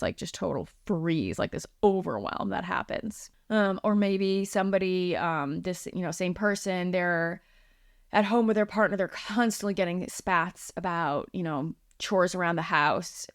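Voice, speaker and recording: A woman's voice: lowish voice, clean tone, dry recording, studio quality. A woman hosting her own podcast, talking casually with lots of fillers and acted-out quotes. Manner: chatty and casual, many likes and ums, acts out quoted voices. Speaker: podcast host, healing practitioner. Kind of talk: solo podcast monologue.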